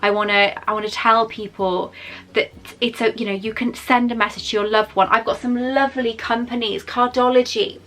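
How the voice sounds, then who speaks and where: A woman's voice: on the high side, fairly even intonation, moderate pace, fairly bright tone. A woman in her forties chatting through an unboxing at home, emotional and wandering into asides. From Wales. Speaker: vlogger. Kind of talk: casual unboxing chat.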